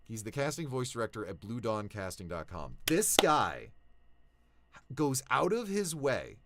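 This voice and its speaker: A young male voice actor talking casually to his viewers, animated, swinging between low mutters and excited shouts. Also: a little slow, heavy background noise. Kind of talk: casual vlog talk.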